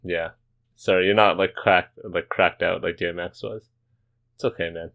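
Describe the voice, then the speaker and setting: A man's voice: low voice, steady tone, vocal fry, a bit bright, highs cut off. A man hosting a casual sports podcast, joking around, laughing easily and rattling off stats. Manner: jokey, laughs easily, rapid-fire stats. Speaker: podcast host.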